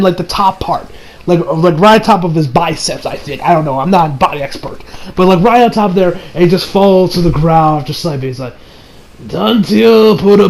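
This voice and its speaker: A man with a slightly higher voice rambles through an anime episode recap, stumbling over restarts and filler words. He gets loud and laughs when he gets excited. A faint hiss sits under the recording. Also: poor audio. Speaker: anime reviewer.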